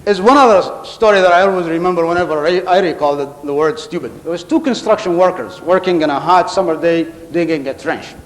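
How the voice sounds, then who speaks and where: A man's voice: high voice, fairly quick, hardly any pauses. A man giving a humorous contest speech on stage, telling stories and acting out the people in them. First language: Arabic. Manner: storytelling, acting out quoted characters. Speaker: contest speaker. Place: large hall on stage. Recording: hall with long reverb.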